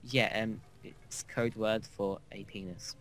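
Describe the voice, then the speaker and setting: A man's voice: lowish voice, steady tone, takes it slowly, a bit bright. A man co-hosting a game playthrough, telling a long, crude anecdote in a rambling, casual way. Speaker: gaming co-host. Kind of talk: casual gameplay chat.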